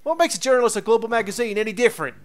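A man's voice: extremely high pitch, lively intonation, very fast, voice pushed up. A man voicing a pompous, indignant old male professor explorer while reading game dialogue aloud, with a huffy, dismissive manner.

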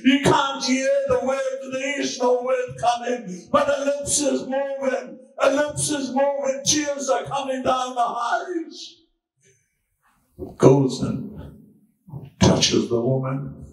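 A man preaching a sermon as dramatic storytelling, swinging from hushed lines to shouts. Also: very high-pitched, steady tone, slow pace. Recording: very echoey room, far from mic.

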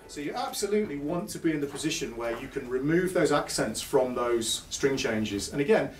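A man's voice: mid-range voice, animated, a little fast. A man giving a chatty, self-deprecating live guitar lesson to an audience in a music store. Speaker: guitar clinician. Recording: echoey shop recorded from far off, with guitar. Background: guitar playing between phrases.

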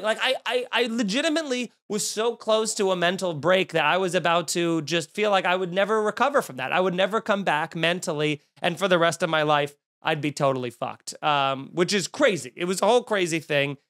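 A young man, a comedian hosting his podcast, telling a story as a profane, exasperated rant and acting out the quotes loudly. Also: high voice, fairly quick, hardly any pauses. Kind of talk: animated comic storytelling rant.

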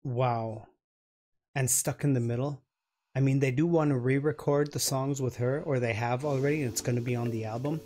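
A man hosting a reaction video, gushing and halting as he comments, often repeating his words. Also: mid-range voice, steady tone, dark tone.

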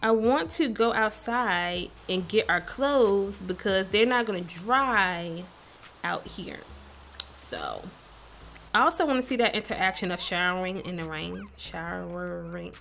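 A woman's voice: medium pitch, lively intonation, measured pace, a bit bright, slight background noise. A woman hosting a casual let's-play, chatting playfully and talking to the characters on screen. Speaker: gaming video host.

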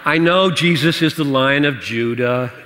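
A man preaching and answering questions in a church teaching session, animated and playful, laughing at his own jokes. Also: fairly high pitch, measured pace, background noise. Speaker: pastor. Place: church hall. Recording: church hall reverb.

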